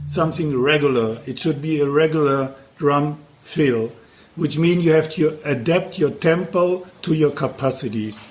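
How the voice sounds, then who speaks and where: Zen monk guy talking you through drumming, slightly high voice, calm and simple, a little drumming faintly behind. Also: a little slow, faint music behind. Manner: calm, plain instructional phrasing in non-native English. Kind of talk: spoken instruction between drum demonstrations.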